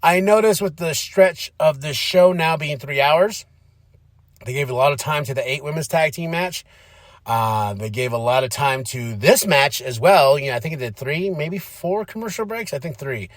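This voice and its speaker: A young adult man giving a casual, animated recap of a wrestling show as a podcast host, slipping into playful impressions. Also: on the high side, moderate pace, no echo, clean studio sound. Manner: animated, slips into playful impressions and sing-song bits.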